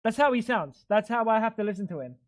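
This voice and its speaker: A man's voice: high voice, quick pace. Guy streaming a game, rambly and hyped, swears a lot while he chats with viewers. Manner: excitable, swearing, rambling talk to chat. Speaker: livestreamer. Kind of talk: casual gaming stream chatter.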